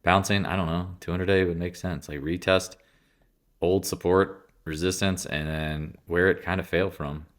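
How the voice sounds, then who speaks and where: A man's voice: deep voice, steady tone, normal speed. A congested man giving casual, rambling market commentary, bluntly and offhandedly, often interrupting himself. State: congested, clearing throat.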